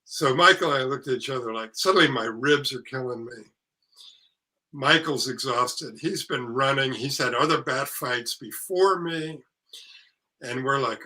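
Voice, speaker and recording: An older man, an actor and author, telling anecdotes in casual conversation, lively and salty, acting out what others said. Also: mid-range voice, moderate pace, rough recording. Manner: lively storyteller, salty language, acts out quotes. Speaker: actor and author, podcast guest.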